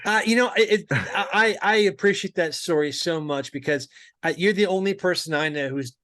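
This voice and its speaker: A man's voice: high-pitched, moderate pace, fairly bright tone. A man co-hosting a podcast in casual chat, a friendly listener who often chimes in to agree. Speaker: podcast co-host.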